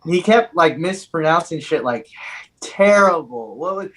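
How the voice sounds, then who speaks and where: A man with a slightly high voice that moves up and down a lot, chatting loosely and swearing freely. His voice is the guest's on a relaxed podcast. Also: a little slow. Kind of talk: casual chat.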